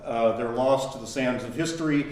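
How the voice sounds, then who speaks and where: A man's voice: mid-range voice, normal speed, reverberant, slight background noise. A man in his fifties giving a conversational law school lecture, telling stories between points. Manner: conversational storytelling, animated. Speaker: guest lecturer. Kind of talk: classroom lecture with anecdotes.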